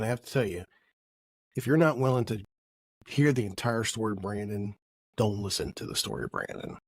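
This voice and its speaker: A man's voice: fairly low pitch, no room sound, clean studio sound. Rambling jokey man telling a story. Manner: rambling, self-correcting, jokey. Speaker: podcast host. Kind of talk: casual storytelling monologue.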